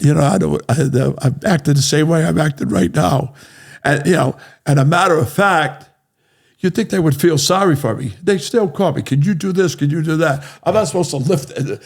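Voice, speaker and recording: On a talk show, an older Rhode Island man spins casual, foul-mouthed stories in a blunt style, repeatedly asking "right?" and chuckling as he talks. His voice leans high, with a creaky, slightly rough texture.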